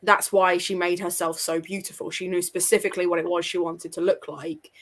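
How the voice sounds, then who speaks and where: A woman's voice: lowish voice, level tone, brisk. A woman hosting a casual live book discussion, chatty and explaining at length with plenty of fillers. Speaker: host.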